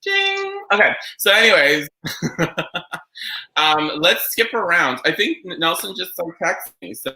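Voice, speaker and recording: Bright-voiced male podcast host. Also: fairly high pitch, measured pace, vocal fry, poor audio. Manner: rambling, animated storyteller. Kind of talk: casual chat.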